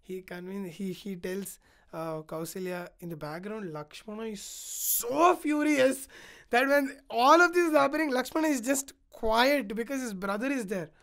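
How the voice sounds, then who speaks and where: A woman's voice: on the high side, normal speed, fairly bright tone. A woman on a podcast retelling an epic story in casual chat, acting out the quoted lines and filling her talk with "like". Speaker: podcast guest.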